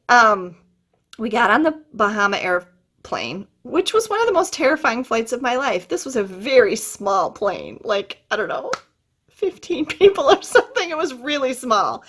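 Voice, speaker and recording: A chatty middle-aged woman tells a travel story in an easy, conversational way. Her voice is bright and sits a little high, and it leaps even higher when she acts out what she once said. She laughs often as she talks. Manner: chatty and animated, laughs often, jumps to high pitch when quoting herself. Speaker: travel vlogger. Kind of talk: casual storytelling.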